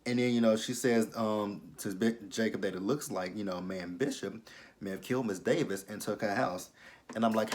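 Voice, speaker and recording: A fairly low-pitched man talks through a TV episode in casual recap commentary. He is sassy and blunt, and he swears freely. He swings from loud, animated outbursts to quiet, muttered asides. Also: moderate pace. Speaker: TV episode reviewer.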